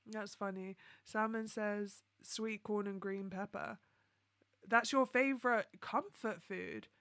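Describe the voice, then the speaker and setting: A woman's voice: medium pitch, fairly bright tone, no echo. Young woman, livestream host, casual chatty delivery, dry close sound. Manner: chatty, reading out viewer comments, frequent ums and likes.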